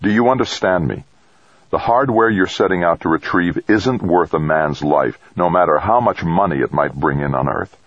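A firm, commanding leader who lays down the rules with restraint, as a man reads him. The voice is deep and husky, recorded dry and a little dull. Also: moderate pace, no echo. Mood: stern.

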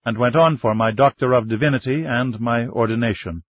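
A man voicing a dignified male minister in his fifties, speaking in a measured, formal way in an audiobook. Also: mid-range voice, close to an everyday voice. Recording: dull lo-fi dry recording.

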